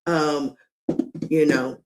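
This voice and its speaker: A woman's voice: low voice, little pitch movement, a little mellow. A middle-aged woman hosting a live commentary stream, talking emphatically and drawing out words, with frequent laughs. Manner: emphatic, drawn-out, laughs often.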